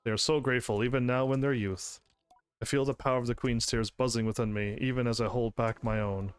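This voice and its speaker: A man's voice: medium pitch, fairly even intonation, brisk, clear, resonant tone. A man streaming a game who chats to his audience, laughs often, and reads the game's narration aloud. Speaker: gaming streamer. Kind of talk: casual game commentary.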